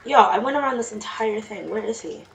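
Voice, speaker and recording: A woman's voice: medium pitch, expressive, a little fast, gravelly. A woman with a Jamaican accent giving casual, chatty commentary while playing a game. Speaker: let's play streamer. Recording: distant mic with faint noise.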